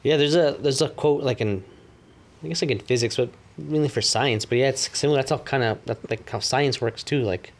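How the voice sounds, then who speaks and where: A man's voice: mid-range voice, fairly quick. A man co-hosting a casual podcast chat, rambling with lots of "like" and casual swearing. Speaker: podcast co-host.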